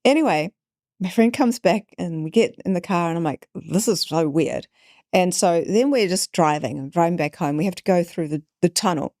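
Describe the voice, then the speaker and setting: A woman's voice: lowish voice, normal speed, no room sound, clean studio sound. A woman, a podcast guest telling a story in conversation and acting out the people she quotes. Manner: animated, acts out quoted voices.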